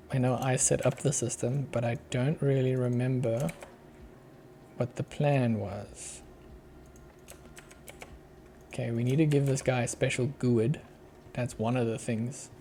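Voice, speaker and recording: A man's voice: mid-range voice, mellow, a little hiss or hum. A young Australian man on a casual live coding stream, muttering to himself as he works and chuckling now and then. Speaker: streamer, app developer.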